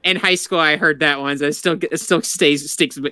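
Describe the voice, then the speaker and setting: Co-host, male, bright and smooth, deadpan jokester. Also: on the high side, normal speed, dry recording. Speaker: podcast co-host. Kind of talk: casual podcast chat.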